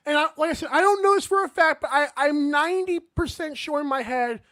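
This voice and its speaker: A man's voice: very high-pitched, a little fast, sharp tone, dry recording. A man co-hosting a casual sports podcast, laid-back and opinionated, often hedging his views. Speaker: podcast co-host.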